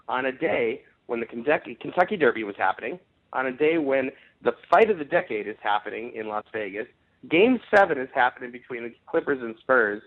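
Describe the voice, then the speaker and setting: A man leading a network marketing conference call, giving an upbeat, emphatic sales pitch with frequent restarts. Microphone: phone conference call. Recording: tinny phone line.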